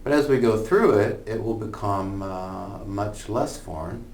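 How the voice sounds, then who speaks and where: A man's voice: fairly low pitch, unhurried, darkish tone. A man teaching a college humanities lesson in an informal online lecture, thinking aloud with fillers and repeated phrases. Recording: echoey room, somewhat far from the mic, faint noise.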